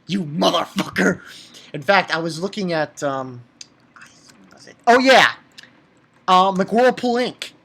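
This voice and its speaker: Excitable young man recapping an anime. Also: high voice, takes it slowly, pauses often. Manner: excitable and swearing, with many fillers and restarts. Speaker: anime episode reviewer. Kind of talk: casual spoken episode recap.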